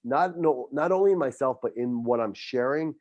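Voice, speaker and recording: Middle-aged coach, earnest and heartfelt, mid-pitched, dry close sound. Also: male voice, normal speed, darkish tone, no echo, dull audio. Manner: heartfelt, faith-filled, repeats words when moved. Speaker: high school football coach and teacher. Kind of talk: emotional podcast interview.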